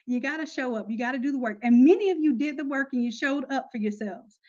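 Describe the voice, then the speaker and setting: A woman's voice: high voice, quick pace, a little mellow, highs cut off. A woman running a casual, upbeat live online class, talking to her students in a chatty, slangy way. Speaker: online course instructor.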